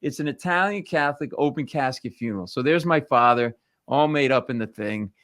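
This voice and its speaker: A male comedian telling family stories on a talk show, animated and punchy, slipping into voices. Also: medium pitch, fairly quick, no room sound. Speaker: comedian guest. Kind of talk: comic storytelling.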